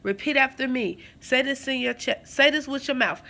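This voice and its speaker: A woman's voice: sits high, moderate pace, creaky, hardly any pauses, bright, forceful tone. A woman giving impassioned advice to her viewers at home, preachy and emphatic, repeating her key phrases and calling the listener girl. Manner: addresses listener as girl and baby girl. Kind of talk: impassioned advice talk to camera.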